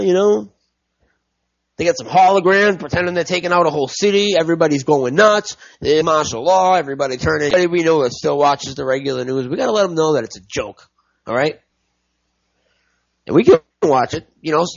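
A man's voice: on the high side, vocal fry, husky, dry recording, lo-fi sound. A man ranting angrily to his viewers about politics, swearing and repeating himself. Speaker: political commentator.

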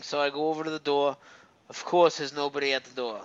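Man, casual storyteller, rambly and animated, smooth voice, a bit dull and lo-fi. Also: on the high side, fairly quick. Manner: rambling, animated ghost story with many fillers and restarts. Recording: slightly dull, muffled recording.

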